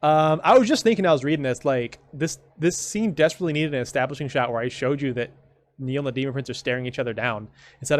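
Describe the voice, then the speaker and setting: A man giving casual commentary on his own comic, rambling along with dry, sarcastic asides. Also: mid-range voice. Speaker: comic creator.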